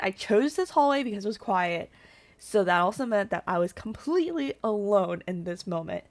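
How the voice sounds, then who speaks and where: A VTuber storyteller, a young woman in her twenties, tells a story to her viewers in a casual, chatty way, animated and swearing freely. Her voice sits at a middle pitch for a woman.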